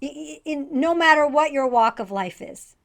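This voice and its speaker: A woman's voice: high-pitched, animated, normal speed, creaky. A woman comedian on a panel talk show, making her points earnestly with small hesitations. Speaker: comedian co-host. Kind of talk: casual panel chat.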